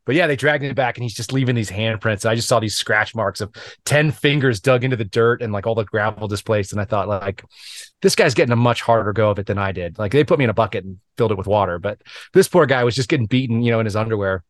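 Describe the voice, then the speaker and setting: A man hosting a podcast interview, chatting freely and telling long, lively stories. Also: on the low side, fast talker, no echo. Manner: lively rambling storyteller. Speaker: podcast host. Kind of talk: conversational interview.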